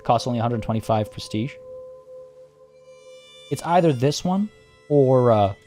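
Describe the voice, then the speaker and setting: A man's voice: mid-range voice, lively intonation, a little slow, dark tone, soft background music. A man streaming a strategy game, talking casually to his chat as he plays. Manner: chatty, thinking aloud and answering chat. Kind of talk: casual live-stream commentary.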